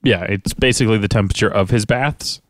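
Low-voiced rambling man, dry close sound. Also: fast talker, dry recording. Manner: rambling, many "like" fillers. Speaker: podcast co-host. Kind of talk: casual chat.

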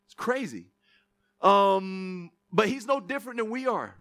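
A man preaching a lively sermon in church, reading scripture and mixing in joking asides to the congregation. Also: sits high, measured pace. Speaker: pastor.

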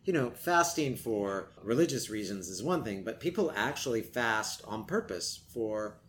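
A man's voice: fairly low pitch, expressive, a little slow, fairly bright tone. Upbeat teasing male co-host, faint background hiss. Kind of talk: casual chat.

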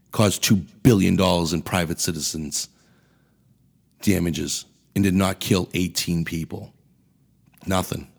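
A podcast host with a low, creaky, darkish voice delivers an angry, profane political rant, blunt in manner.

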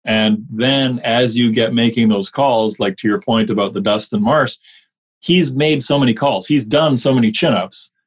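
A man coaching mortgage brokers in a casual podcast conversation, energetic and quick to rattle off lists of examples. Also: medium pitch, husky.

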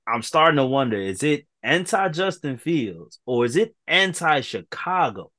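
A man's voice: on the high side, big pitch swings, moderate pace, sharp tone. A man co-hosting a podcast, talking football casually and musing aloud with questions. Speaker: podcast co-host. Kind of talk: casual sports talk.

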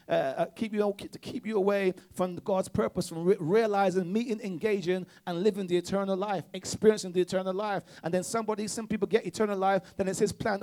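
A man's voice: high-pitched, darkish tone. A man preaching a sermon with call-and-response exhortations, often restarting his words in repetitive bursts.

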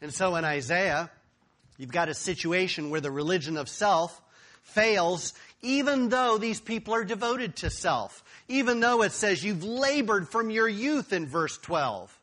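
A man's voice: high voice, animated, a little slow, fairly bright tone. A man preaching a sermon, building to emphatic peaks as he reads and explains scripture. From United States. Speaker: pastor.

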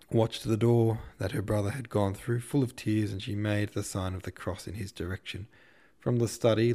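A man narrating an audiobook in a steady, measured reading style. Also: fairly low pitch. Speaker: audiobook narrator and podcast host.

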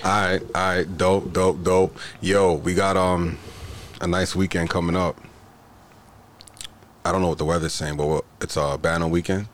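A man's voice: low-pitched, little pitch movement, normal speed, slight background noise. A man hosting a podcast in easygoing casual chat, often repeating his phrases. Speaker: podcast host.

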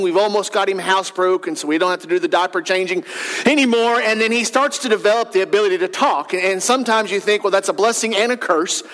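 A man's voice: sits high, fairly bright tone, big-room sound, rough recording. A man in his thirties preaching a sermon in a church, in a folksy, conversational storytelling way. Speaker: pastor. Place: church sanctuary.

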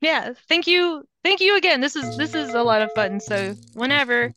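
A woman's voice: high-pitched, moderate pace, over music. A woman guest in a casual gaming chat, talking in a loose, filler-heavy way and laughing often. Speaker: podcast guest.

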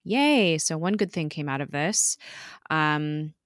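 A woman's voice: low-pitched, measured pace, fairly bright tone, dry recording, studio quality. A woman casually retelling a TV episode to a co-host, chatty, with fillers and laughs. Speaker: podcast co-host recapping a TV episode. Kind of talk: casual recap chat.

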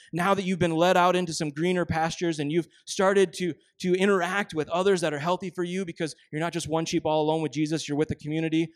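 A man preaching a sermon as pastor, emphatic, often dropping into slow, quiet intensity for key phrases. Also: fairly high pitch, no room sound, clean studio sound.

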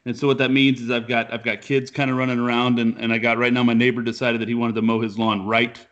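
A man's voice: mid-range voice, level tone, fast, fairly bright tone, lo-fi sound. A man hosting a podcast from his living room, chatting casually in loose, rambling sentences. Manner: rambling, talks in loose restarts. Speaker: podcast host.

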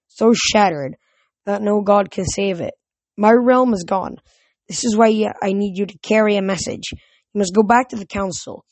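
A woman voicing an ancient, fading nature god who speaks slowly and solemnly. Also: medium pitch, a little mellow, no echo, natural voice. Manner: slow, solemn, forlorn.

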